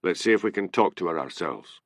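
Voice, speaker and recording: A man doing a terse constable, lively pitch, dry sound. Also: fairly quick, dry recording. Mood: brisk. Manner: laconic, terse. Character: dry, laconic Highland police constable, man.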